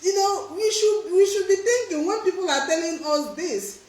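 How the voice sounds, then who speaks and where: High-voiced woman doctor on a live stream. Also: moderate pace, a little mellow. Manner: laughs often, earnest and emphatic. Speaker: eye doctor hosting a live Q&A. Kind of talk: live stream Q&A, casual advice. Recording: roomy echo.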